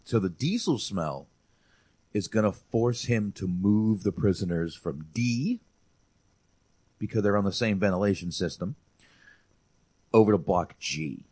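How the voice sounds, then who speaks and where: A man's voice: fairly low pitch, measured pace, pauses often. A man hosting a podcast, rambling and swearing casually while reviewing a movie. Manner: rambling, profane and animated. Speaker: podcast host.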